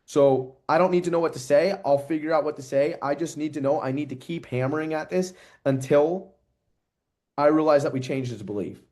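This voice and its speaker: A man coaching a sales trainee, talking fast, casual and direct with slang. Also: fairly high pitch, a little mellow. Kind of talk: coaching call feedback.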